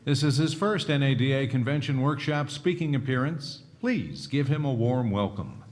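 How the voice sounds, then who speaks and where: A man's voice: medium pitch, lively intonation, normal speed, slight background noise. Male announcer, plain mid voice, formal stage introduction. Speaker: event announcer.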